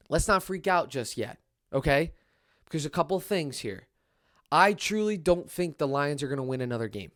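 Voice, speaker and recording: Brief: young male sports podcaster, loud, ranting, trash-talks rivals. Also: a little high, normal speed. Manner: excitable, ranting, trash-talking. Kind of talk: solo sports rant.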